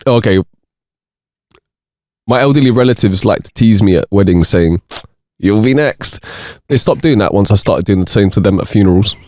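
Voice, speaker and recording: A podcast co-host reads jokes aloud during casual chat, breaking into bursts of laughter between them. His voice is on the low side, expressive and a little mellow, at normal speed, recorded with studio quality and no room sound.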